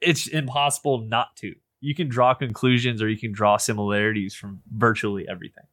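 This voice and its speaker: A man co-hosting a movie podcast, laid-back and quick to laugh, swearing freely in casual talk. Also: fairly low pitch, steady tone, fairly bright tone, no room sound, studio quality. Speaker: podcast co-host. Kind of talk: casual movie review chat.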